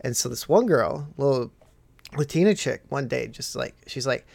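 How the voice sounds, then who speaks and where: Gravelly young man telling crude stories. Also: mid-range voice, moderate pace, dry recording. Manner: crude, animated storyteller acting out quotes. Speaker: podcast host. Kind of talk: casual storytelling chat.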